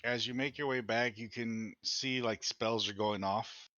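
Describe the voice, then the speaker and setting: A man narrating as dungeon master of a tabletop game, describing scenes slowly with fillers. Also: medium pitch, fairly even intonation, pushed and bright, no echo, muffled recording. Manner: slow, halting descriptions with fillers.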